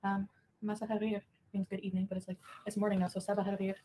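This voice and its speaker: A woman's voice: mid-range voice, little pitch movement, fast, warm tone, slight background noise. A woman from Ottawa chatting casually on a livestream, giggling and answering viewer comments. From Ottawa, Canada.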